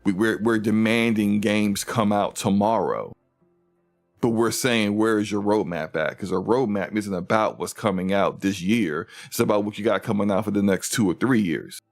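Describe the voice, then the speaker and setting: A man hosting a casual gaming livestream, ranting in an animated, mocking way and reading out chat comments. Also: lowish voice, moderate pace, creaky, soft background music. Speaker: livestream host.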